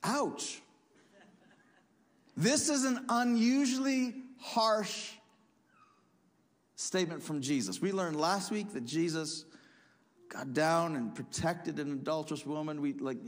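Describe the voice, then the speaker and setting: A man preaching a sermon as pastor, emphatic, swinging between loud punchy lines and quiet asides. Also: fairly high pitch, takes it slowly, pauses often. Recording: long hall reverb.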